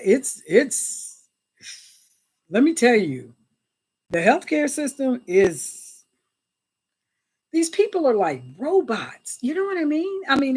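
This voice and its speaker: A woman's voice: sits high, husky. A woman chatting casually on a livestream, greeting viewers by name and often thanking God and Jesus. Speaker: livestream host.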